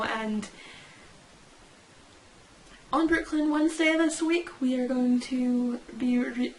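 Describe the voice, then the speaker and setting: A woman's voice: fairly high pitch, slight background noise, rough recording. Young female vlogger, talkative and self-correcting, recorded at home with a camera mic. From United Kingdom. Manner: chatty, rambling, self-correcting. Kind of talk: casual fan reaction vlog. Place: at home, indoors.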